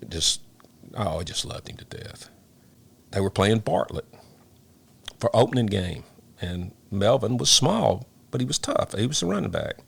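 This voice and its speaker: This is an older man, a retired firefighter looking back in a sit-down interview. His voice sits very low with a rough, gravelly edge. He talks in halting bursts, repeating and restarting words as emotion breaks through. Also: wildly swooping pitch. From Memphis, Tennessee, US. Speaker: retired fire lieutenant.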